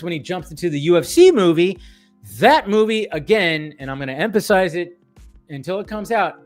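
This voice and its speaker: A man ranting casually about films on a livestream, animated and profane, rambling with restarts, tired and wired on coffee. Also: a little high. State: tired and caffeinated. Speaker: film commentary streamer.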